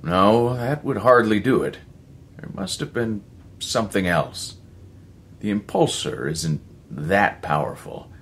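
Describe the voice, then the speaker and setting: A male narrator voicing an older scientist who sounds intense and commanding and speaks in a lecturing, slightly halting way. He plays it as a storybook figure. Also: on the low side, animated, a bit bright, slight background noise, pitched above the performer's own voice, heavily acted.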